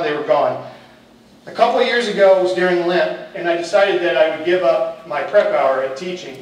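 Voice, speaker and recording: A man's voice: high voice, a little hiss or hum. A middle-aged man, a football coach and teacher, telling his personal testimony in a candid, humorous storytelling way. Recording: echoey hall, distant mic.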